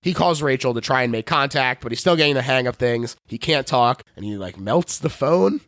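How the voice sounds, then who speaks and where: A man's voice: mid-range voice, animated, fairly quick, a bit bright, dry recording, clean studio sound. A man with a Philadelphia accent hosting a podcast, recapping a horror film in a casual, laughing, profane way. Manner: laughs often, swears, playful recapping. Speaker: podcast host. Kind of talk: casual movie recap chat.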